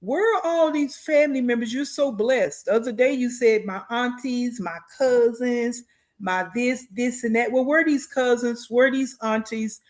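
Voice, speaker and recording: A woman's voice: a little high, moderate pace. A woman hosting a reaction commentary, blunt and incredulous, scolding the person in the clip. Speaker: commentary host.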